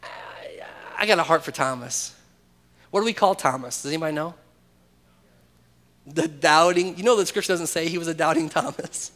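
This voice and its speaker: A male pastor delivers a sermon in a fairly high voice. He punches some phrases out loud and drops to a near-whisper on others. He keeps throwing rhetorical questions at the congregation. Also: moderate pace, long pauses. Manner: dynamic, swinging between loud emphatic calls and hushed intimate asides. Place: church.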